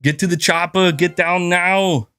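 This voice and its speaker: Streamer guy doing a loud over-the-top austrian action hero, barking orders, pitched up. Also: steady tone, unhurried, clean tone. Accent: exaggerated Austrian. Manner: over-the-top barked commands. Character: shouting muscle-bound male action hero.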